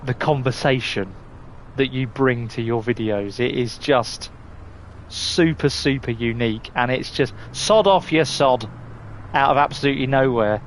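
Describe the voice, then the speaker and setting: A man's voice: mid-range voice, fairly even intonation, normal speed, slight background noise. A man chatting casually and rambling through a live game stream, often restarting and swearing mildly. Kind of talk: casual live gameplay chat.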